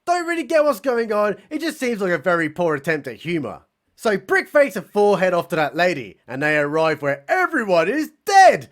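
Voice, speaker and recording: A man's voice: sits high, sing-song, a little fast, fairly bright tone. A man recapping a film in a sarcastic, mocking comedy style. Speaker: film reviewer.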